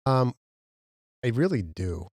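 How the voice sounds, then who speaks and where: A man from Minnesota holds forth on a casual podcast, rambling from one story to the next and boasting as he goes. His voice sits at an ordinary pitch, and the recording is close and dry, with no room sound. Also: sing-song, slow pace, a little mellow, dry recording. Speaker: podcast co-host.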